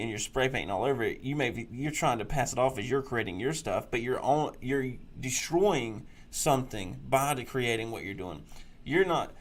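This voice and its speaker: A man hosting a political talk show, ranting crudely and mocking people in sneering put-on voices. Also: mid-range voice. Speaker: podcast host.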